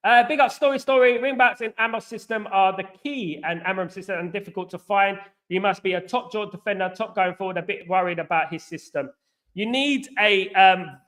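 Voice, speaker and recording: The host is a middle-aged Londoner with a high voice and a fairly bright tone. On his casual livestream chat, he wanders from point to point, frequently repeating "you know what I mean."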